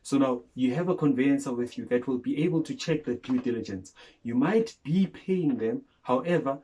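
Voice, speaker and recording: Husky man explaining property steps. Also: mid-range voice, moderate pace, dark tone, rough recording. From South Africa. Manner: explanatory, repeats "actually" and "so now". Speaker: co-host. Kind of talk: casual property advice chat.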